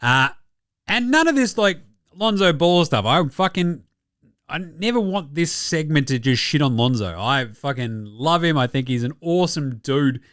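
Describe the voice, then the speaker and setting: Casting: Australian male sports-pod host, sweary and sarcastic, slightly high voice, dry close mic. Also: lively intonation, normal speed, a bit bright, no room sound. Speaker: basketball podcast host. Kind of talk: casual sports commentary rant.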